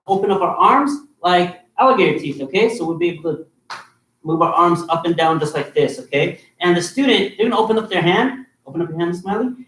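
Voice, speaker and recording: A man gives the children in a martial arts class steady instructions and explains a game to them. He stands away from the microphone. The studio echoes around his voice. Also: sits high, slight background noise. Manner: instructive, steady commands to kids. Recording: roomy sound from far off.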